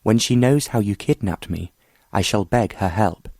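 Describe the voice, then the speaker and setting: A man's voice: fairly low pitch, normal speed, mellow, dry recording, studio quality. A man voicing a frightened but defiant young noblewoman, pleading and protesting desperately.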